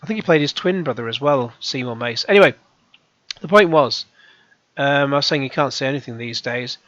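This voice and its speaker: A man's voice: mid-range voice, brisk, a bit bright, no room sound. A man in his forties with a cold, talking in a rambling casual monologue full of ums, restarts and the odd swear. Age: 40s. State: has a cold. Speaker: channel host. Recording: dull lo-fi dry sound.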